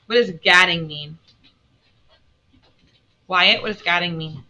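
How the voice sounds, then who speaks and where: A woman teacher reading a novel aloud to her class, expressive, stopping to quiz her students. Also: on the low side, slow, long pauses, dull audio.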